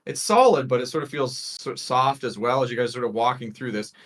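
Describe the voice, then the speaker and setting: A man's voice: medium pitch, steady tone, fast, a bit bright. A man running a tabletop game as game master, narrating hesitantly with many fillers.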